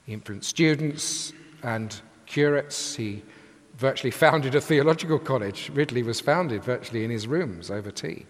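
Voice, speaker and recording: An older man from England preaching a sermon from the pulpit with a lively, emphatic cadence. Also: mid-range voice, moderate pace. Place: large church with long reverb. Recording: echoey church hall.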